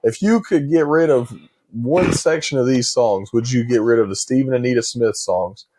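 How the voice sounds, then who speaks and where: A young man co-hosting a casual podcast, profane and excitable, often acting out movie scenes in quoted voices. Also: medium pitch, normal speed. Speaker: podcast co-host. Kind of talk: casual chat.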